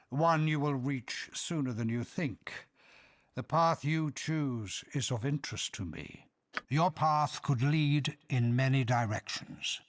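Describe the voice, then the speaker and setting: An actor playing a mysterious hooded male stranger who speaks in slow, measured, ominous riddles. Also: medium pitch, lightly acted.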